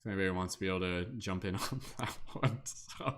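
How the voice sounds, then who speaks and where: A man's voice: low voice, quick pace, fairly bright tone, slight background noise. Young male host, casual and rambling, lots of fillers and self-corrections. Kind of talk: casual improv game hosting.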